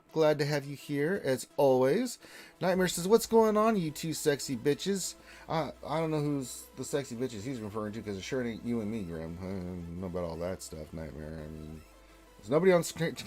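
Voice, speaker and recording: A man co-hosts a casual livestream in a medium-pitched, slightly mellow voice. He reads viewers' chat names and greetings aloud and chats in a rambling, opinionated way.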